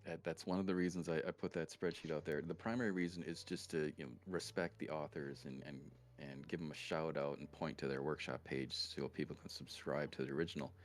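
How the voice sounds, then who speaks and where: A man's voice: very deep voice, fairly even intonation, brisk, few pauses. A man on a voice call, a game mod creator thoughtfully explaining his ideas in casual chat.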